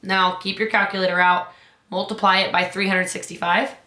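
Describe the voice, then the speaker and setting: A woman business coach giving an urgent motivational talk, her voice climbing high on key points. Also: flat delivery, brisk, bright, forceful tone, echoey room.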